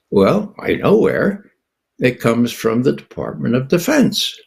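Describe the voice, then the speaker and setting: An older man with a gravelly, husky voice that swings widely up and down as he talks. He gives political commentary as a guest and drives his points with rhetorical questions. His tone is sardonic and incredulous. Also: medium pitch, sing-song, unhurried, a little mellow. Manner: emphatic, asks himself rhetorical questions.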